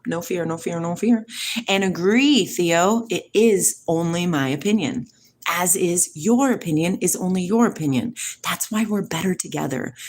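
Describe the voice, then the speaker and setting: A middle-aged woman hosting a live stream, chatting casually with viewers and asking rapid, rambling questions. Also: on the low side. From United States. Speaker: livestream host. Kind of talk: casual live chat answering viewer comments.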